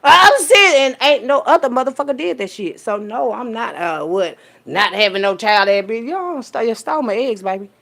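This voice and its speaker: Animated, profane woman telling a story. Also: normal speed, gravelly, few pauses. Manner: animated, profane, streetwise storytelling with big pitch jumps when quoting people. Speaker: vlogger. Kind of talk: casual storytelling rant.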